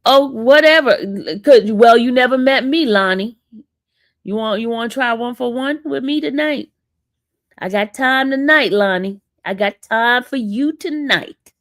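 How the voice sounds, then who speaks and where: A woman's voice: fairly high pitch, unhurried, a bit bright, no echo, clean studio sound. A woman with an East Coast American accent hosting a casual livestream, teasing and sassing her chat. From northern US. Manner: sassy, teasing, talks back to chat. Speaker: livestream host.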